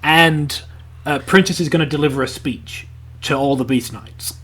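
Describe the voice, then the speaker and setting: Husky man rambling through a plot recap. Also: a little high, a bit bright. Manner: acts out character lines in quick voices. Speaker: podcast co-host. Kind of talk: casual anime review chat.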